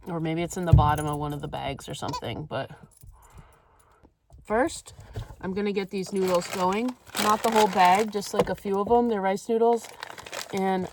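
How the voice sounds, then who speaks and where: A woman's voice: mid-range voice, background noise. A woman with a cold talking casually through a cooking vlog in her van, rambling with frequent ums and restarts. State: has a cold. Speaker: vlogger. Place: inside a parked van.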